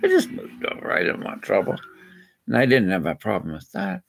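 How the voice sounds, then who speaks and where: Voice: sits low, very animated, fairly quick, vocal fry, slight background noise. A speaker from Canada, ranting indignantly in a rambling personal vlog. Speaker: vlogger. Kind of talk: angry personal rant.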